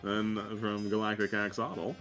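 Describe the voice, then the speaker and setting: A man hosting a stream, casually reading out fan art shout-outs, laughing often and thanking fans. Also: on the low side, flat delivery, moderate pace, soft background music.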